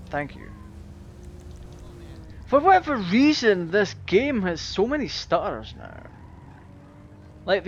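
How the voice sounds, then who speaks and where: Man, gaming commentary, chatty, excitable, lively pitch, faint background noise. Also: muffled recording. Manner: chatty, jokey, excitable reactions. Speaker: gaming YouTuber. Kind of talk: casual gameplay commentary.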